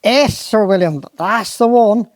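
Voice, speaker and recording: A simple old gamekeeper with a broad Cornish accent breaks bad news in a halting, roundabout way, as a storyteller puts him on. His voice sits a little above the teller's own. The recording is dry and close. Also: sits high, no room sound, voice pushed up. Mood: hesitant. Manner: hesitant, roundabout, drawn-out dialect speech. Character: slow-witted, apologetic old Cornish gamekeeper.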